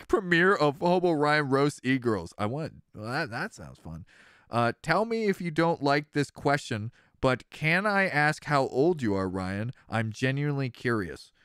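Animated thirty-year-old man streaming. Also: medium pitch, measured pace, clean tone, no echo, studio quality. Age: 30s. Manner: animated, jokey, laughs often. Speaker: streamer, let's-play host. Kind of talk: casual game commentary, chatting with viewers.

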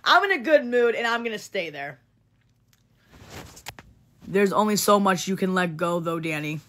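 A woman's voice: mid-range voice, moderate pace, background noise. Woman livestreamer repeating "okay?" to chat. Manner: repetitive, keeps adding "okay?" to reassure viewers; earnest, lectures viewers on ignoring online hate.

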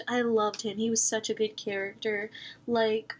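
A woman's voice: fairly high pitch, level tone, normal speed. A young woman in casual book vlog chat, talking expressively with lots of fillers, recorded at home on a camera mic. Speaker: book vlogger.

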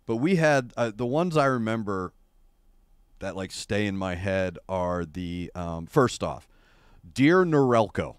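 A middle-aged man hosting a casual livestream chat, telling rambling, wry and animated stories into a streaming microphone. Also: fairly low pitch, unhurried, clean tone, dry recording. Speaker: show host. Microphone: adjustable streaming microphone.

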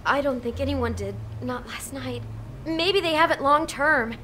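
An anxious young hotel clerk. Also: female voice, high voice, a little slow, bright, forceful tone, a little hiss or hum. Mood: shaken. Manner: pleading, then exasperated. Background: game music.

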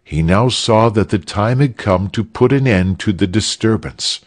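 A man reading a story aloud for English learners in a measured, expressive way. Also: lowish voice. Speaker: narrator.

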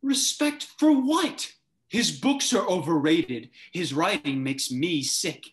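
Brief: young male actor as a wounded, sneering young playwright; wide-ranging pitch, roomy echo. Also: animated, slow. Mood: scornful. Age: young adult. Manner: swings from hushed grief to sneering outbursts. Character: bitter young man, struggling playwright son. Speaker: student actor. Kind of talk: stage drama over video call. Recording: echoey room over video call.

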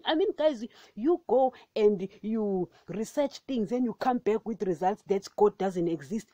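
A woman's voice: mid-range voice, animated, unhurried, few pauses, warm tone, dry recording, lo-fi sound. A woman hosting a Christian podcast, preaching with fervent emphasis and calling her listeners "guys".

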